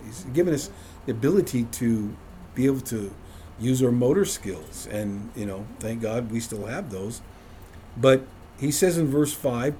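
A man's voice: medium pitch, dark tone, a little hiss or hum. A man leading an informal Bible study for a small group, conversational and self-deprecating, often chuckling.

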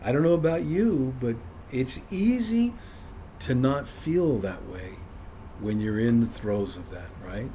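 A man's voice: medium pitch, expressive, a little slow, dark tone, a little hiss or hum. A man leading an informal Bible study for a small group, conversational and self-deprecating, often chuckling.

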